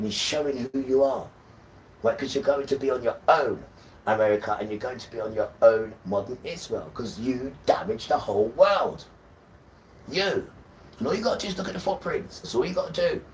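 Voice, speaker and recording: A man holds forth on his livestream in a preachy, emphatic way, breaking into chuckles between points. His voice sits at an ordinary pitch and reaches the mic from a little way off, with a faint noise underneath. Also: far from the mic, rough recording. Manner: emphatic, lecturing, chuckling asides. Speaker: livestream host.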